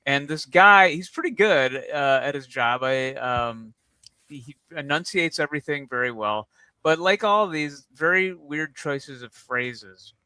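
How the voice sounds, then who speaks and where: Bright, crisp-voiced co-host man. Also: a little high, unhurried, no echo. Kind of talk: casual chat.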